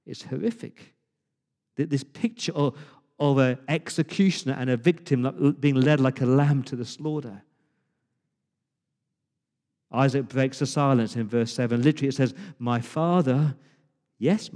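A male pastor delivers an impassioned sermon, leaning on dramatic pauses and repeating his words for emphasis. His mid-range voice carries a long reverb through the church hall. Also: mid-range voice, darkish tone.

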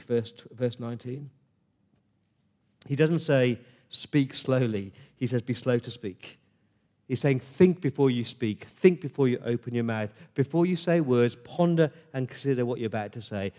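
A man preaching a sermon in an earnest, conversational way, pausing and restarting as he talks to his congregation. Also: mid-range voice, dark tone.

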